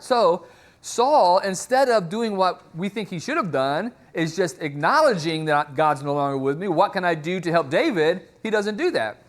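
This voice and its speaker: Conversational male preacher, slightly high voice. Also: animated, moderate pace. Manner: conversational storytelling, acts out quotes. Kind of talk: sermon.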